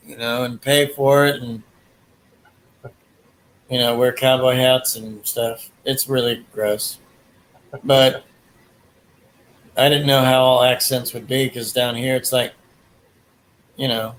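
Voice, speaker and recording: A man's voice: mid-range voice, fairly even intonation, unhurried, pauses often, fairly bright tone, rough recording. A man hosting a livestream, chatting casually in a rambling way with crude jokes and lots of fillers. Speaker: livestream host. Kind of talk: casual chat.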